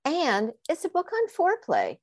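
This woman's voice is very high, at normal speed with no echo. As a sex coach and author in a casual interview, she tells stories animatedly, laughing often and acting out the voices of people she quotes.

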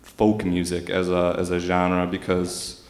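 A man guesting on a radio show as a band member, speaking in a measured, deadpan way. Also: low voice. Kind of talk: casual interview answers. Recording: echoey with long reverb.

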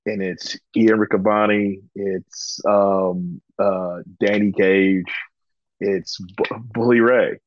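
A low-pitched man from Georgia recounts his story in an easygoing interview, sprinkling in ums and voicing the people he quotes. The recording is dry and close but somewhat dull and muffled. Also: slow, dry recording. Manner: relaxed, chatty, frequent ums, acts out quoted dialogue. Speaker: guest, professional wrestler.

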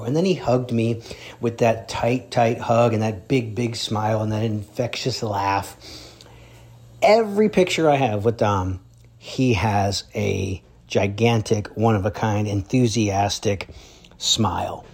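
A man's voice: on the low side, measured pace, darkish tone, breathy edge. A man, a drummer and educator, telling heartfelt stories in a spoken tribute. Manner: earnest storytelling.

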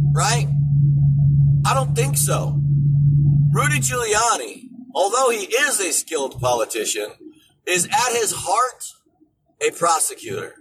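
A man hosting a political commentary show, ranting in an animated way and rising to shouts. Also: fairly high pitch, background noise. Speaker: show host.

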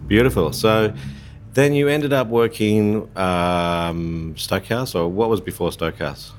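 A man's voice: lowish voice, a little slow. A man hosting a podcast, asking long, rambling questions and heaping on compliments. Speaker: podcast host. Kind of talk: casual conversational interview.

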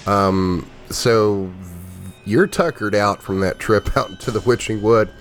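A man narrating a tabletop game as game master, relaxed and full of fillers. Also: on the low side, a little slow. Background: music.

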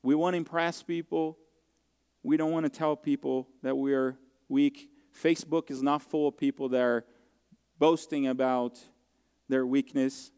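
Earnest pastor preaching in a reverberant hall. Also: male voice, a little high, a little mellow, clear, resonant tone. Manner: earnest, heartfelt storytelling with halting restarts. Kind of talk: sermon.

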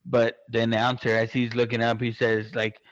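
An excitable man talking casually and swearing at every turn, rambling through loads of fillers. His voice sits in an ordinary middle pitch. The recording is dull and lo-fi, with a dry, close sound. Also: normal speed, no echo. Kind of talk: casual chat.

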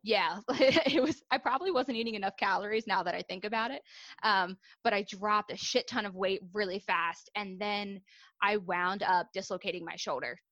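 A woman's voice: mid-range voice, moderate pace, fairly bright tone, no room sound. A young adult woman, a fitness coach, telling her story in a casual, candid podcast interview, with many ums and likes.

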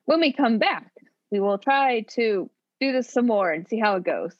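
A playful woman talks books on a podcast, pitched a bit high, and her chat is full of laughs. The recording is dull and lo-fi. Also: lively intonation, normal speed. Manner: chatty and playful, with frequent laughs. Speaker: podcast co-host. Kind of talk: casual book chat.

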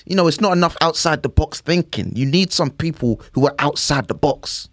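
A man's voice: on the high side, a little fast, no room sound, studio quality. A young man hosting a casual podcast, talking in a rambling, chatty way and often asking "do you know what I mean". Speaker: podcast host.

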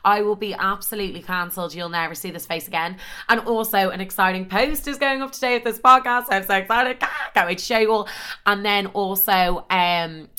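A woman's voice: mid-range voice, brisk, pushed and bright, clear, resonant tone. A young woman hosting a podcast, telling a story in a dramatic, exaggerated way and swearing freely. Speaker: podcast host.

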